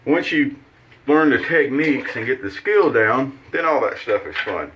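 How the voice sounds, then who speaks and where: Animated and at a moderate pace, a man with a medium-pitched voice hosts a shaving video from his bathroom sink, chatting casually and folksily with many fillers. The audio is dull, with slight background noise.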